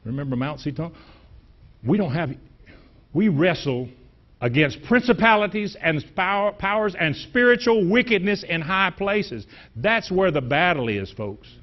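A middle-aged man preaching a sermon in a church, with emphatic delivery, restarts and repeated words, and sudden loud rises. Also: fairly high pitch, expressive, measured pace, dull audio. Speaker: pastor. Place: church sanctuary.

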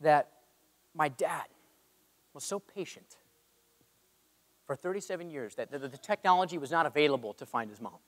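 A man's voice: on the high side, expressive, normal speed, long pauses, fairly bright tone. A man telling a personal story in an earnest sermon and calling out to the congregation for amens. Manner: earnest, calls for amens from the crowd. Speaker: preacher. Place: church hall. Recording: long reverb of a large hall.

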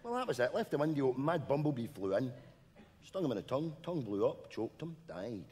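A Scottish man in live sketch comedy, telling a ghost story in a hushed, spooky way. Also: mid-range voice, very animated, fast, husky, in a large hall.

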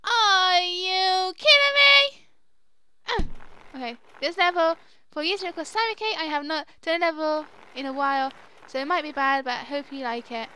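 A young woman hosting a let's play, reacting excitably to the game with squeals and laughter. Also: very high voice, normal speed, background noise. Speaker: gaming channel host. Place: home room at her dad's house.

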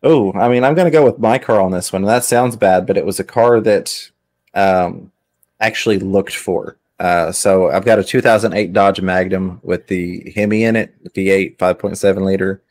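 A man's voice: low-pitched, normal speed, a little mellow. A middle-aged man hosting a casual chat, easygoing and rambling, often restarting his sentences. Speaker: host.

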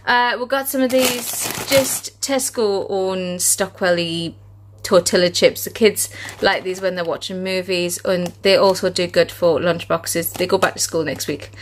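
A woman's voice: fairly low pitch, steady tone, measured pace, a little hiss or hum. A woman with a British accent chatting casually on her vlog, listing items one by one and a little out of breath. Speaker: family vlogger.

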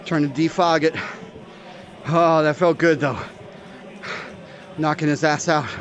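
A man with a fairly high voice curses and rants while throwing punches in a VR boxing game. He is out of breath from the workout and often bursts into shouts. His voice comes through a headset mic. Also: steady tone, unhurried, long pauses, lo-fi sound. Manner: profane, angry ranting with shouted outbursts. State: out of breath from exercise. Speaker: VR fitness vlogger.

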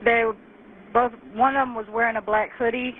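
Woman, store clerk, emergency call, shaken and halting, tinny phone line, faint hiss. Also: fairly high pitch, steady tone. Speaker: store clerk, robbery victim calling 911.

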